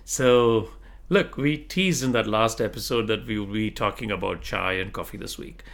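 A man co-hosting a podcast in casual banter, relaxed and conversational. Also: lowish voice, normal speed, gravelly. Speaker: podcast co-host.

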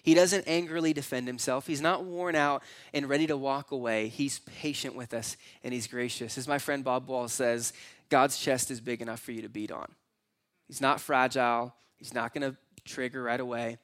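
A man preaching a sermon in a conversational, animated way, filling his talk with "like" and little acted-out quotes. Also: medium pitch, normal speed. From United States. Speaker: pastor.

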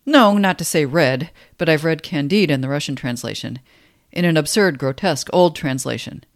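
A man voicing a pompous, clever thirteen-year-old boy, speaking eagerly and a little loud, in a book reading. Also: a little high, brisk, no room sound, clean studio sound, lightly acted. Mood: showing off.

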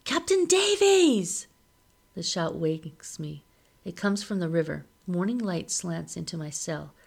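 A woman reads a novel aloud in a steady, measured way. Her voice sits low, with a gravelly fry at the edges of phrases. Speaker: reader of a novel.

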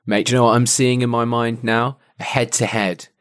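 A man's voice: medium pitch, flat delivery, fairly quick, a bit bright. A man co-hosting a casual book discussion, joking and bantering playfully. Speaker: podcast co-host.

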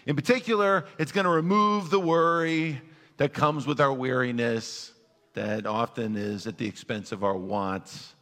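A man's voice: mid-range voice, unhurried, fairly bright tone. A male pastor preaching a conversational sermon, asking his congregation questions and acting out their worries. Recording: long hall reverb.

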